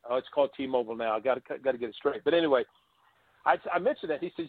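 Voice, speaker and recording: An older man who used to be a baseball catcher appears as a guest on an interview show, rattling off long anecdotes very fast and acting out the people he quotes. His voice is mid-range, with no echo, heard over a tinny, phone-like line.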